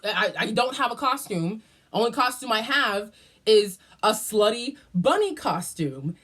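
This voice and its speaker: A woman vlogger telling a story in a casual, profane and dramatic way, jumping up and down in pitch. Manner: animated, profane and dramatic, with big jumps in pitch.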